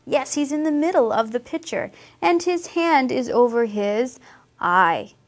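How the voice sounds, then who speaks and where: A woman teaching English who talks young learners through a picture book, asking them gentle questions. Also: sits high, lively intonation. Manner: slow, warm, questioning teacher talk.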